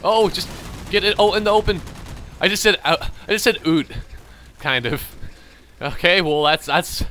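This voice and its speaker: Commenting on his own gameplay, a young Canadian-accented gamer chats and rambles, thinking out loud. His voice is high-pitched, bright and forceful at a normal speed, with a little hiss or hum in the background.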